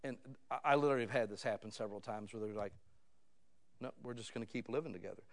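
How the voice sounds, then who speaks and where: A male pastor preaching a sermon in a conversational style, dropping to low asides and rising to loud, pleading emphasis. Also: fast talker.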